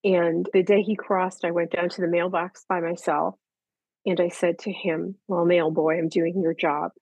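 A woman's voice: lowish voice, little pitch movement, normal speed, a little mellow, husky, no room sound, poor audio. An older woman, a guest animal communicator, telling personal stories in casual chat and acting out the voices she quotes.

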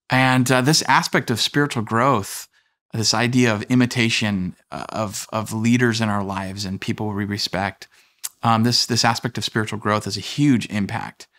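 A man's voice: medium pitch, a bit bright. A man in his thirties preaching a sermon as pastor, talking conversationally with fillers and asides.

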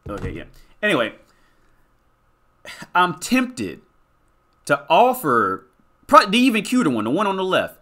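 A man delivering a blunt, profanity-laced commentary rant, stumbling over repeated words. His voice sits a little high and swings widely in pitch. The tone is bright and forceful. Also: wildly swooping pitch, a little slow, pauses often. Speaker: commentary vlogger. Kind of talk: ranting reaction commentary.

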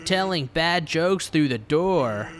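A man reading aloud as a laid-back joking male skeleton in a video game, in a slow drawl that leans southern. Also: on the high side, lively intonation. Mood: easygoing.

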